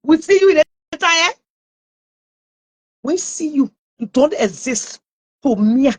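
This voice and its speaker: A woman's voice: high-pitched, expressive, unhurried. A woman with a Liberian English accent, ranting and scolding someone online with mocking laughs. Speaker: online commentator. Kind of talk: taunting live rant.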